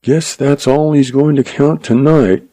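Man reading a shrewd, quiet cowboy. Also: mid-range voice, animated, moderate pace, slightly rough, dry recording. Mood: musing. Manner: quiet, musing.

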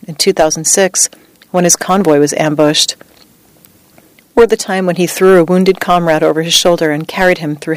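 A woman reading a true story as scripted narration, with a measured, even delivery. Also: deep voice, no room sound.

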